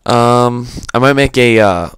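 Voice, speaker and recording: A man's voice: mid-range voice, measured pace, a bit bright, smooth, dry recording. A man giving unscripted gameplay commentary, rambling and stuttery with lots of fillers and casual swearing. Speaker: gaming commentator.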